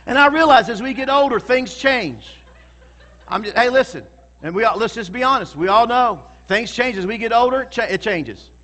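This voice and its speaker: A man's voice: very high-pitched, animated, normal speed, pushed and bright. A male pastor preaching a sermon in a church, emphatic and calling out to the congregation for responses.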